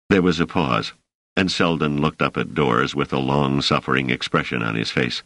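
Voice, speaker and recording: A man narrating an audiobook in an expressive, measured way on a close studio mic. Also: rumbling low, no echo. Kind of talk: scripted narration.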